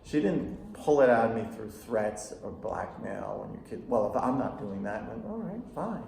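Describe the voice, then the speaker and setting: A middle-aged man, a psychotherapist, giving a casual workshop talk to parents, telling animated anecdotes and acting out quoted lines. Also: lowish voice, normal speed, gravelly, slight background noise. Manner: anecdotal, animated storytelling with acted-out quotes and laughter. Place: school room with audience. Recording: echoey room recording.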